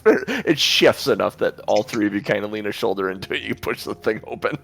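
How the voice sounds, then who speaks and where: Game master, male, low gravelly voice, laughs easily, faint music underneath. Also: animated, brisk, fairly bright tone. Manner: laughs often, loose and easygoing. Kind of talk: narrating a tabletop game.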